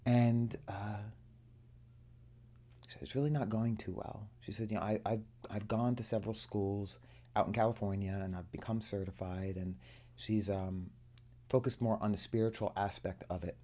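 A man's voice: on the low side, steady tone, moderate pace, dark tone. A man telling a personal story to a group, earnestly acting out the dialogue he quotes. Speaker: coaching student.

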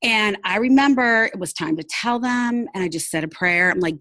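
A woman's voice: medium pitch, animated, fairly quick, hardly any pauses, fairly bright tone, no echo. A woman talking openly and earnestly as an interview guest, often laughing as she tells her story. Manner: open and heartfelt. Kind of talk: candid personal interview.

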